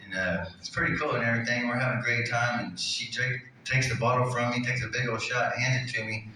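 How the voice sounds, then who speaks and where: Rambling comedian in echoey club. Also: male voice, mid-range voice, fairly even intonation, a little fast, sharp tone, slight background noise. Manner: loose, rambling storytelling. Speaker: stand-up comedian. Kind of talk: stand-up comedy. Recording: echoey club room, distant mic, crowd ambience.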